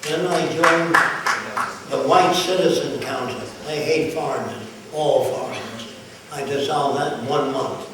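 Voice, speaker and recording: A man's voice: a little high, a little slow. Older man lecturing in an echoey hall. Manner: blunt, storytelling, acts out quoted voices. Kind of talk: public lecture with anecdotes. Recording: echoey hall from far off, noisy.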